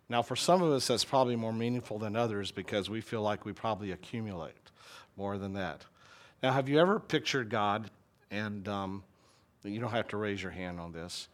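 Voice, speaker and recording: A middle-aged man with a Southern US accent, a pastor preaching a conversational, folksy sermon and asking the congregation questions. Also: lowish voice.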